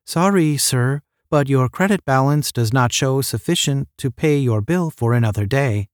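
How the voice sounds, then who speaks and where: A man voicing a hotel's communicator machine that speaks softly and politely in an audiobook. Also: mid-range voice, normal speed, smooth, no room sound, studio quality, lightly acted. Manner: soft and polite.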